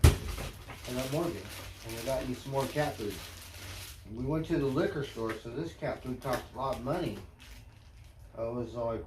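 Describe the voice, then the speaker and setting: A man on a casual live stream, chatting to his cats in a soft, high baby-talk voice and rambling through offhand stories. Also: a little slow, long pauses. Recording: echoey room with faint ambient noise.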